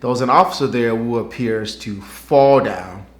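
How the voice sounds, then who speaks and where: A man's voice: mid-range voice, normal speed, heavy background noise. A man hosting his own channel, giving wry, skeptical commentary in a conversational way. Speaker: channel host. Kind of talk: news commentary vlog. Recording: roomy, echoey room.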